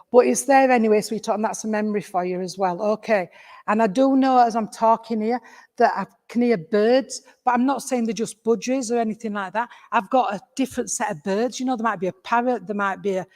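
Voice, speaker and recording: A woman's voice: on the high side, darkish tone. A woman with an English accent giving a mediumship demonstration in a village hall, chatty and affectionate, calling her listener sweetheart and darling. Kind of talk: mediumship demonstration addressing an audience member.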